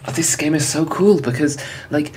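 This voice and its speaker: Rambling, enthusiastic player. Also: male voice, fairly high pitch, moderate pace, darkish tone, a little hiss or hum, poor audio. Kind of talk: casual tabletop game chat.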